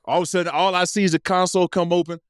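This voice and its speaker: A man, telling an animated, profane story as a podcast guest. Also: high-pitched, racing, clean tone, dry recording, studio quality. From East Tennessee. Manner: animated, profane, acts out scenes in his stories. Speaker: podcast guest, former football player. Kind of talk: casual storytelling chat.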